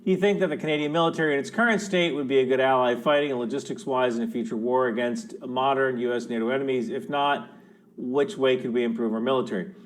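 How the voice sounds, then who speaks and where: A man's voice: mid-range voice, fast. A man giving casual commentary as a military analyst in a clip from another video, talking loosely with fillers and restarts.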